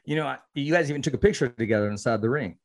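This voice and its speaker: A man's voice: medium pitch, racing. A man hosting a boxing podcast who asks questions earnestly and often stumbles and repeats words. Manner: earnest, repetitive, stumbling restarts. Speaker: podcast host. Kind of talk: casual interview.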